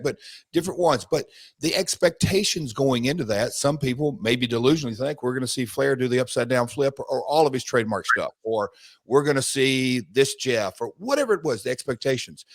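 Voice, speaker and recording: A man, co-hosting a podcast, telling animated stories and repeating himself as he goes. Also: mid-range voice, no echo. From United States. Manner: animated storytelling, rambling with restarts. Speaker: podcast co-host, former wrestler. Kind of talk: casual podcast chat.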